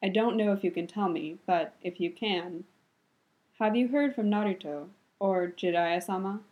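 Brief: sharp-tongued young male ninja teacher with dry retorts, read by a woman. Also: medium pitch, moderate pace, lo-fi sound, natural voice. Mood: wistful.

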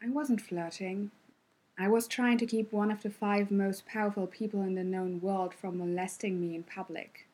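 A woman reading fan fiction, voicing a defensive young male courtier who snaps back in a hushed voice, as whispered role-play. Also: mid-range voice, steady tone, moderate pace, slightly rough, natural voice. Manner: hushed, snappish.

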